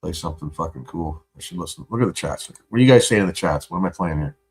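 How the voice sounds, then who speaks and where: A man venting in a profane, angry livestream rant, buzzed and high. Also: lively intonation, quick pace.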